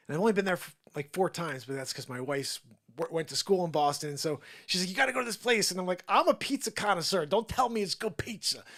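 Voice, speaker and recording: A middle-aged man hosting a live show, ranting in an animated improvised monologue that swings between loud outbursts and low muttered asides, with mocking put-on voices. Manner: does mocking put-on voices and mock Spanish.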